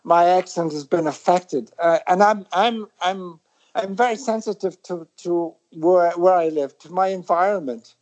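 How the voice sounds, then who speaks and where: Reflective British man, halting and rambling. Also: sits high, a little mellow, dull audio. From Britain. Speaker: guest musician. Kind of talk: casual interview chat.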